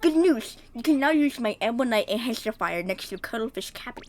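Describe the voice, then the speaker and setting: A woman's voice: fairly high pitch, expressive, fairly quick, darkish tone, lightly acted. A woman voicing a nerdy male horseshoe-crab weapon shopkeeper with an exaggerated nerdy voice while reading game dialogue aloud. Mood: cheerful.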